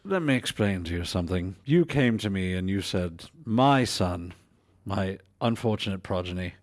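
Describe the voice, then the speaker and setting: A man voicing a pompous male police handler in a deliberately bad British accent, smug and condescending. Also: low-pitched, lively intonation. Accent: fake British. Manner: pompous, smug, says "dear boy".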